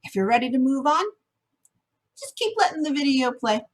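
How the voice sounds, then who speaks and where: A woman's voice: sits high, big pitch swings, normal speed. A woman music teacher giving an encouraging online lesson to first graders, sometimes singing the song examples.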